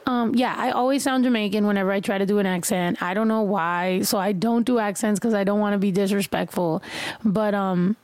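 A woman hosting a podcast in casual chat, loud and excitable, swearing freely. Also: medium pitch, brisk, dry recording. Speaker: podcast host. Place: podcast room.

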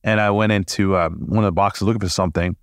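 A man, a podcast guest, telling stories casually in an animated way, laughing and acting out dialogue. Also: sits low, fast, dry recording, studio quality. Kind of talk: casual storytelling.

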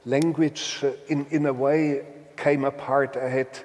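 Male storyteller, deliberate and halting delivery, very slow, recorded with a long reverberant tail. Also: mid-range voice, little pitch movement, a little mellow. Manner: halting, deliberate, with many restarts. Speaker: guest telling a story. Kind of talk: slow reflective storytelling with readings.

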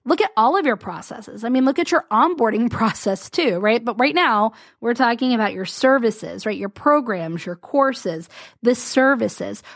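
A woman hosting a casual solo podcast as a business coach, talking in a chatty, rambling way with small laughs and quick asides. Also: fairly high pitch, animated, no echo, clean studio sound. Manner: chatty, rambling, self-interrupting with little laughs.

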